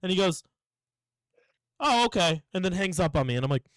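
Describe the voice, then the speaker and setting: A man's voice: high voice, racing, no room sound, poor audio. A young man co-hosting a podcast, tipsy and ranting with lots of swearing as he tells a story. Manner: profane, ranting, acts out quoted people. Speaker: podcast co-host. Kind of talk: casual podcast chat.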